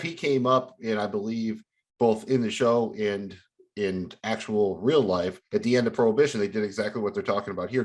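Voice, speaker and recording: A man co-hosting a podcast, explaining plot points in long run-on sentences full of fillers. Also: lowish voice. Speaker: podcast co-host. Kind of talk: casual chat.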